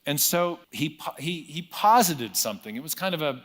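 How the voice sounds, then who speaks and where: Middle-aged guy explaining history of science, measured and kinda professorial, bit higher voice, hall echo. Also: animated. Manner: measured, lecturing, with self-corrections. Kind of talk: recorded interview clip, storytelling explanation.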